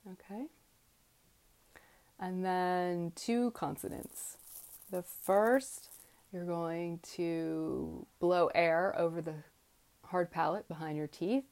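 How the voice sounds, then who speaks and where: A low-pitched woman with a gravelly edge guides a slow pronunciation lesson. She patiently demonstrates each sound aloud and takes her time between steps. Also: darkish tone. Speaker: mantra pronunciation teacher.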